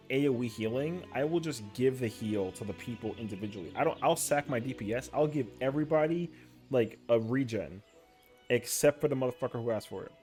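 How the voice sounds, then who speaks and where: A man's voice: mid-range voice, darkish tone. Heated, slangy male game streamer. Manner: slangy, profane and heated, peppered with "yo". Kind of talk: casual chat while gaming.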